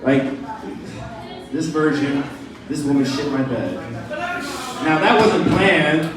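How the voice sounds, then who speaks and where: A man doing a stand-up comedy set and hosting the show, telling crude stories in a brash, animated way. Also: on the high side, takes it slowly, recorded from a distance. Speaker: stand-up comic and show host. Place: small comedy club stage. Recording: echoey room miked from afar, crowd heard. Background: audience laughter.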